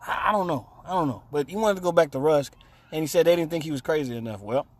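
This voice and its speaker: A man's voice: a little high, fast, dry recording. A man on a radio talk show telling a rambling, profane story and acting out the quotes. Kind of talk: casual storytelling chat.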